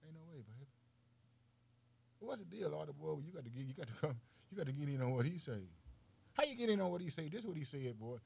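A man preaching informally, firing off rhetorical questions, calling the listener man, boy and baby, laughing between phrases and swinging between loud and soft. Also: fairly high pitch, very animated, fast, creaky, a little hiss or hum.

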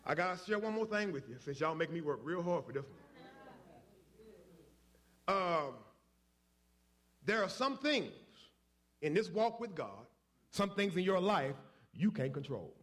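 Brief: male preacher, high voice with a wide swing, folksy call-and-response delivery. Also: big pitch swings, unhurried, pauses often, fairly bright tone. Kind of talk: sermon.

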